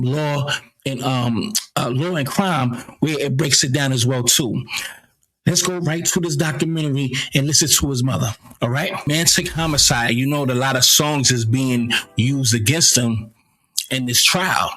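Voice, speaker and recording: A man's voice: medium pitch, normal speed, a bit bright. A man from the United States hosting a casual commentary show, blunt and profane, often stammering and repeating himself. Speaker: commentary channel host.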